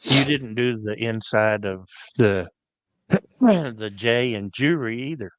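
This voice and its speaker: A man's voice: medium pitch, animated, takes it slowly, no room sound. A man joining a livestream from his living room, making teasing remarks in casual chat.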